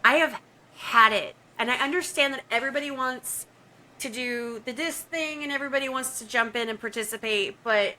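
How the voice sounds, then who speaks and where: A woman's voice: sits high, a little fast, bright, forceful tone, low-quality recording. A woman co-hosting an unscripted podcast, outspoken and emphatic, laughing often. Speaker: podcast co-host. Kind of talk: casual podcast chat.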